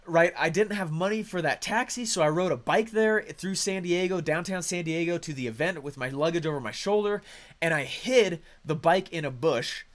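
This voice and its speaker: A man speaking to an audience, telling a story in an excitable way and often checking in with "okay?" and "right?". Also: on the high side, normal speed. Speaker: speaker sharing his career story. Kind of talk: animated storytelling talk to an audience.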